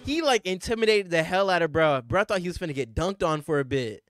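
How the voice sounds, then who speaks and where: A young man streaming live, reacting to basketball highlights with loud outbursts and slang, talking at the players on screen. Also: brisk, smooth. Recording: faint music behind the voice.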